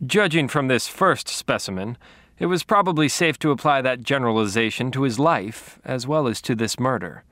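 A man narrating a novel in the first person with a wry, deadpan delivery. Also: mid-range voice, moderate pace, no room sound. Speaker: audiobook narrator.

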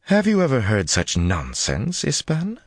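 A man's voice: mid-range voice, huge pitch swings, measured pace, no room sound, clean studio sound, pitched above the performer's own voice, exaggerated voice. A man reading an audiobook, voicing a cold, haughty sorceress who speaks in a smug, condescending way.

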